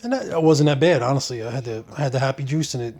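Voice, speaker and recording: A vlogger recounts his surgery in a loose, first-person storytelling style, full of ums, uhs and restarts. His pitch is right in the middle for a man, and he talks fast in a relaxed, joking tone.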